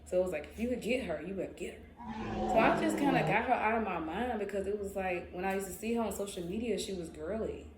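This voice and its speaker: A young woman tells a story in a casual, slangy, animated way. Her voice sits a bit low. The sound is roomy, with a faint hum of ambience behind her. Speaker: vlogger.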